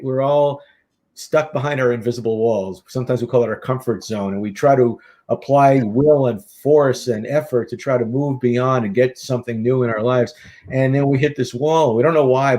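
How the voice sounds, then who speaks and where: A middle-aged man, a guest author and hypnotist, telling his story in a lively, animated way in a casual interview. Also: medium pitch. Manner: lively, animated storyteller who acts out quotes.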